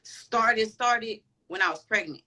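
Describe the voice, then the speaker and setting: A woman's voice: medium pitch, expressive, normal speed, bright, forceful tone, poor audio. A woman guest on a chat podcast telling a personal story candidly, with lots of slang and swearing. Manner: candid, profane, slangy and emphatic.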